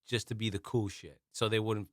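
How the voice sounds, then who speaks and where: A man's voice: lowish voice, steady tone, fairly quick, no room sound. A man co-hosting a podcast in laid-back, hesitant casual banter. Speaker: podcast co-host.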